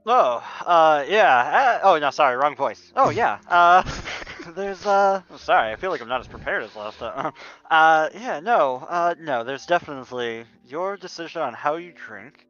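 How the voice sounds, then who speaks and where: A man's voice: fairly high pitch, animated, moderate pace, a bit bright, dull audio. A man running a tabletop roleplaying game, often laughing and searching for words with many fillers. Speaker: storyteller.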